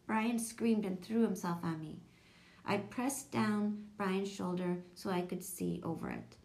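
Gravelly-voiced woman reading a children's story. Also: lowish voice, unhurried, a little mellow. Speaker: audiobook reader. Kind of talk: storybook narration.

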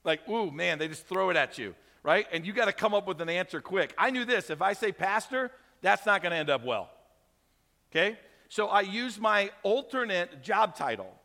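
Pastor, male, 50s, high bright voice, animated storyteller, long hall reverb. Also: moderate pace, creaky. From America. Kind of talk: sermon storytelling.

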